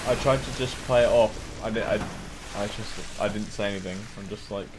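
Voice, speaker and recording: A man's voice: lowish voice, fairly quick, background noise. A man streaming a game, chatting casually with crude jokes and plenty of swearing. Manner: crude, joking, swears freely. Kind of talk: casual gaming stream chat.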